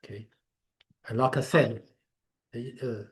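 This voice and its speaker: An English man hosts a live question-and-answer session at a medium pitch. He talks casually and rambles, circling back and restarting as he explains. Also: fairly even intonation, slow pace. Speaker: host of a live Q&A.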